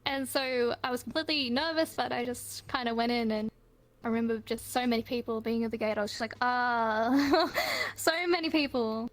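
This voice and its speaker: A woman's voice: on the high side, a little fast. A woman guest on a live online talk show, telling stories in a rambling, giggly way. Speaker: interview guest. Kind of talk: casual chat. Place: online voice chat.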